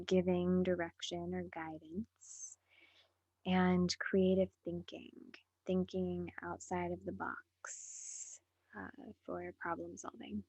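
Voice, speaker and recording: A woman host speaking in a slow, reflective monologue, soft and breathy, often sinking into near-whispers as she encourages listeners directly. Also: on the low side, dry recording. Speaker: podcast host.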